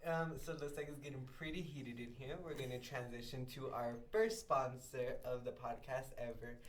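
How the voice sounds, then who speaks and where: A man's voice: mid-range voice, fairly even intonation, normal speed, a little hiss or hum. A teenage male student hosting a casual school podcast, teasing and laughing often. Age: teens. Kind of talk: casual chat.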